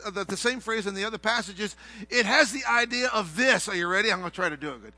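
A middle-aged male pastor with a high, very bright voice. He drops to a hush, then bursts into loud, passionate shouts as he preaches. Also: quick pace, no echo. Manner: swings from hushed to shouting. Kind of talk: sermon.

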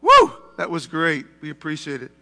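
A man's voice: high-pitched, animated, normal speed, sharp tone, in a large hall. A male pastor preaching a sermon in a church, talking conversationally with asides to the congregation. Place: church sanctuary.

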